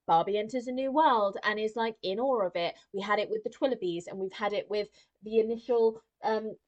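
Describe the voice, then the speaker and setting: A woman's voice: medium pitch, a little fast, muffled recording. A woman ranting in casual chat as a podcast co-host, swearing freely and acting out the characters she complains about. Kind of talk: casual film review chat.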